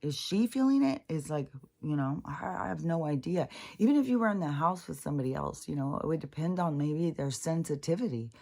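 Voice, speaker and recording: A woman's voice: sits low, a little fast, creaky, hardly any pauses, dark tone. A middle-aged woman talking in a rambling, casual monologue, swearing freely, laughing often and trailing off mid-thought. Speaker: spiritual vlogger.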